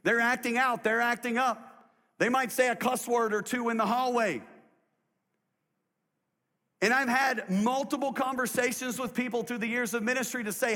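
A man preaching a sermon as a pastor, telling a story in an emphatic, lively way in a church. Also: very high voice, normal speed, pauses often. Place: church sanctuary. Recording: long hall reverb.

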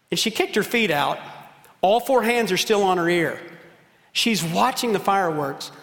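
A middle-aged male pastor preaching a passionate sermon, swinging from loud appeals to hushed, intimate moments. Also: sits high. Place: church sanctuary. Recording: roomy church hall reverb.

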